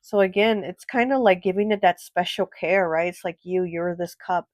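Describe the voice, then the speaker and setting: A woman giving a pick-a-card tarot reading, sounding nasal and congested from a cold, with a gentle, reassuring manner full of fillers and check-ins. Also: on the low side, no echo. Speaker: tarot reader.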